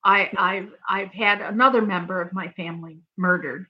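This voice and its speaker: A woman co-hosting a podcast in casual chat, halting and searching for words. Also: medium pitch, steady tone. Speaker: podcast co-host. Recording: dull lo-fi audio.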